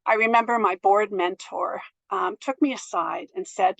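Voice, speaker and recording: A middle-aged woman giving a presentation on board governance in a thoughtful, gentle way, with many fillers and restarts. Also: mid-range voice, moderate pace, creaky, few pauses, no echo, poor audio. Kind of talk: presentation to an audience.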